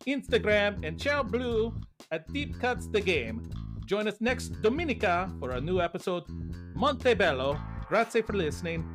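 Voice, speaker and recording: A man's voice: sits high, sharp tone, voice pushed up, full character voice. A man putting on a jolly cartoonish Italian man with an exaggerated fake Italian accent.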